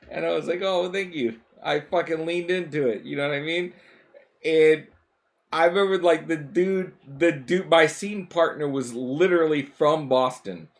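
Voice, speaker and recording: A man's voice: fairly high pitch, measured pace. A man streaming a game, chatting casually and rambling, with lots of swearing, fillers and restarts. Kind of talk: casual chat while gaming.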